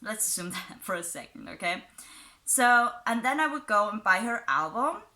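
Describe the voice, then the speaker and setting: A woman's voice: mid-range voice, big pitch swings, moderate pace, bright, forceful tone. A woman giving casual, sarcastic commentary, reading out posts and mocking them, and mentioning her own unusual accent. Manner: sarcastic, mocking, chuckles between points; self-described unusual accent. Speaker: commentary YouTuber.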